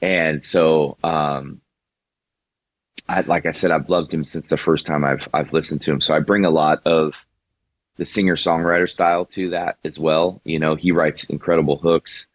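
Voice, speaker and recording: Very deep-voiced man, rambling and dry. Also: fairly even intonation, moderate pace, no echo. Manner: rambling, many restarts and fillers. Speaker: singer and songwriter, guest. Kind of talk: casual interview conversation.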